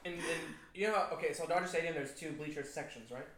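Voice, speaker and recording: A young man in casual chat, slangy and excitable, jumping in over his friends. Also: a little high, fast, reverberant, crowd noise.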